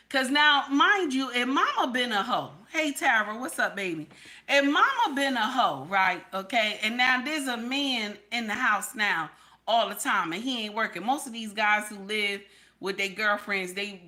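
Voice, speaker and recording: Blunt, bright-voiced woman streaming live. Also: medium pitch. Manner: blunt and profane, keeps adding "okay?"; repeats her points over and over. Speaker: livestream host. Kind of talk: casual live-stream commentary.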